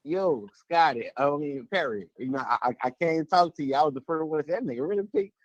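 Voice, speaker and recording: Male caller, laid-back and joking, slightly high pitch, dry sound. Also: expressive, fast talker, no echo, poor audio. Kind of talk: casual sports talk.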